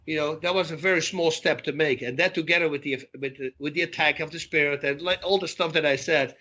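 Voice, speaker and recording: A middle-aged man speaks as a podcast guest with a forceful, bright tone that sits a little high for a man. He tells his stories in an animated way and slips into the voices of the people in them. The recording is dull and lo-fi. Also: fast. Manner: animated storyteller who acts out dialogue. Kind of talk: storytelling interview talk.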